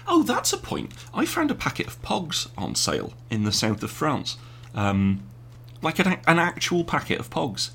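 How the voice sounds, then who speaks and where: A man's voice: lowish voice, fairly bright tone, slight background noise. A man co-hosting a casual home podcast, rambling and easily sidetracked, mocking himself as he goes. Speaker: podcast co-host. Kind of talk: casual chat. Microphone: home podcast mic with earpiece.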